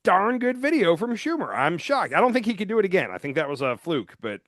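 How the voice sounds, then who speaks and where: A man hosting a casual political chat, blunt and opinionated, talking in quick asides. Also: sits high, sing-song, a bit bright, no echo, clean studio sound. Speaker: podcast host.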